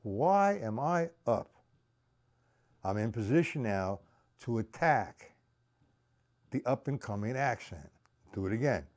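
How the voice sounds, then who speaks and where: A man runs a live-streamed drum lesson, counting each beat aloud and breaking it down step by step. He talks bluntly and keeps asking viewers if they follow. His voice moves through a lively range of pitch. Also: takes it slowly, pauses often. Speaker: drum teacher.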